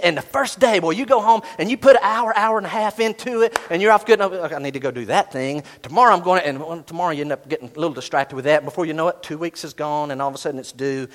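A pastor preaching to his congregation in a fairly high voice that rises and falls constantly. He swings between near-shouted emphasis and quiet asides, and he acts out the inner voices of his listeners. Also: expressive, brisk. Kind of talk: sermon.

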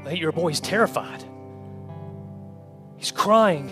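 Male pastor preaching hard, lots of repetition building up, slightly high voice, quiet guitar behind. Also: lively intonation, unhurried. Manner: impassioned, repetitive preaching cadence. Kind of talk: sermon. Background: soft guitar music.

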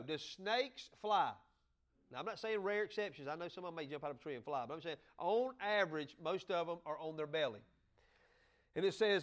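High-voiced preacher, folksy. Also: male voice, lively intonation, brisk. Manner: folksy, humorous preaching with sudden loud bursts. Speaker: pastor. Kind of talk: sermon.

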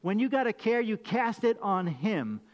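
A middle-aged man preaches, his voice sitting fairly high for a man. He tells a personal story, animated, doubling his words as he restarts. The sound carries a long hall reverb. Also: normal speed, muffled recording. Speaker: pastor.

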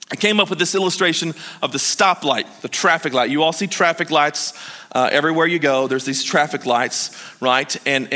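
A male pastor preaching a lively, joking sermon and chuckling at his own points. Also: on the high side. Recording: long hall reverb.

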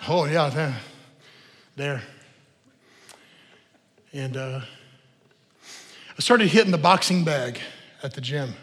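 A middle-aged man preaching a sermon as pastor in a church, animated, telling stories and acting out what people say. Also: fairly high pitch, takes it slowly, long pauses. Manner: animated preaching, storytelling with voiced asides. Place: church sanctuary. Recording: long hall reverb.

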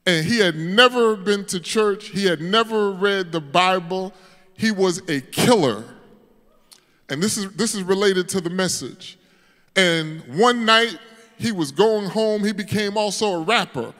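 High-pitched preacher in a reverberant hall. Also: male voice, unhurried. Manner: storytelling preacher building to shouted, sing-song climaxes. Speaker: pastor. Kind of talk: sermon. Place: church sanctuary.

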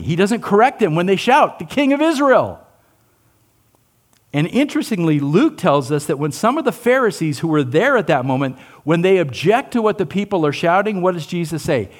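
Lively preaching man, voice rising and falling. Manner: animated, asks the listeners questions, acts out quotes; drops low and soft on key lines. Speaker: pastor. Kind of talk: sermon.

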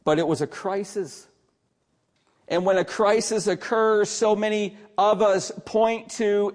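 Male pastor preaching, high voice, earnest and emphatic, goes quiet for asides. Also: a little slow. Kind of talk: sermon.

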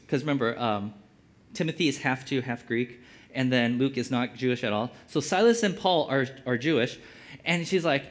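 A man's voice: mid-range voice, expressive, normal speed, fairly bright tone. A man giving casual Bible teaching as a preacher, conversational and full of filler words. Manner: conversational, lots of "like" fillers, acts out quotes.

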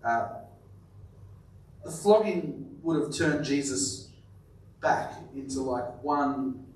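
A man preaching a sermon, emphatic and repeating his words, often dropping to a quiet, stressed delivery. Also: mid-range voice, slow. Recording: very echoey room, voice from a distance.

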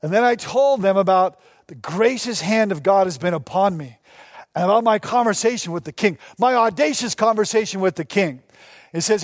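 A male pastor preaching a sermon, animated, acting out quoted dialogue with restarts. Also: sits high, normal speed, dry recording, clean studio sound.

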